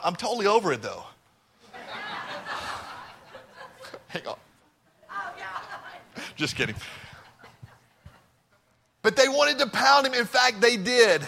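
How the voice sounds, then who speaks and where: Man, pastor, sermon, bright tone, conversational and joking. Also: high-pitched. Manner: conversational preaching with humor. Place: church sanctuary.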